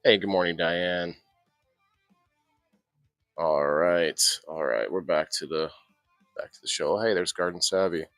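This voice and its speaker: A man's voice: low-pitched, measured pace, long pauses, fairly bright tone, no echo, studio quality, faint music behind. A man hosting a casual indoor gardening live stream, chatting loosely with plenty of restarts. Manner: rambling, chatty, frequent restarts and laughs. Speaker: host of an indoor growing show.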